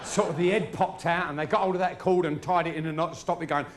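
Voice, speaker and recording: Middle-aged bloke doing stand-up, high-pitched, foul-mouthed, faint room murmur. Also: male voice, steady tone, quick pace, background noise. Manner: crude, swearing, storytelling. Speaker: stand-up comedian. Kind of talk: stand-up routine. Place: live show before an audience.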